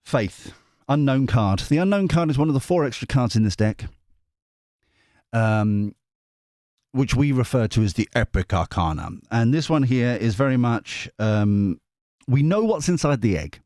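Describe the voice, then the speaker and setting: Male tarot host, rambling and lively, pitch jumping around, dry close sound. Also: a little slow, no echo. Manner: rambling, animated, with many restarts and asides. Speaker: tarot reader, channel host. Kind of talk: casual monologue before a card reading.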